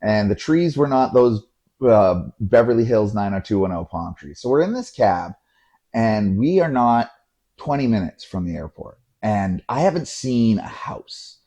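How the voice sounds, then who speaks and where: Husky, lively male podcast storyteller. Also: on the low side, unhurried. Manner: animated storytelling, acts out voices, swears. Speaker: podcast host. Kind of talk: casual storytelling.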